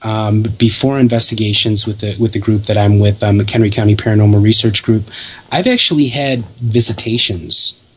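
A man's voice: lowish voice, steady tone, fairly quick, breathy edge. A man interviewing a guest, asking long, rambling, inquisitive questions in a casual manner.

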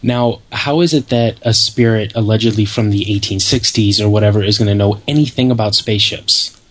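Skeptical male co-host, husky, lowish voice, casual chat. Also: fairly quick. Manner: skeptical, questioning.

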